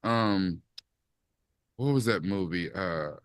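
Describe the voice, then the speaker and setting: A man co-hosting a podcast, talking casually about a TV series and acting out quoted lines in lively bursts. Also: deep voice, slow, clear, resonant tone, dry recording. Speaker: podcast co-host. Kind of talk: casual chat, TV review.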